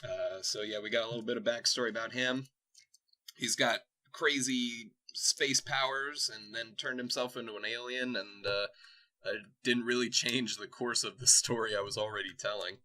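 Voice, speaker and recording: Young male podcast host, bright voice, casual joking storyteller. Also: medium pitch, fairly even intonation, moderate pace. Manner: laughs often, loose and joking. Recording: podcast mic.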